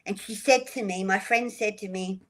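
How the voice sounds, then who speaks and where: An older woman, a radio guest telling her life story in a lively way and acting out the dialogue. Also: medium pitch, moderate pace, poor audio. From Australia. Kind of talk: storytelling interview.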